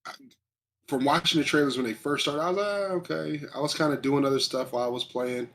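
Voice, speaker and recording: A man co-hosting a casual live stream, chatting excitedly and rambling a little as he reads viewer comments aloud. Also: medium pitch, quick pace, a little hiss or hum. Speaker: stream co-host. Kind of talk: casual chat about video game awards.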